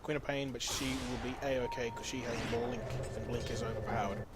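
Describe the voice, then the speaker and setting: An Australian man doing play-by-play commentary on a video game match. He gets louder and faster as the fights heat up. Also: mid-range voice, very noisy. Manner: excitable, speeds up and gets loud in fights. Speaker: esports caster.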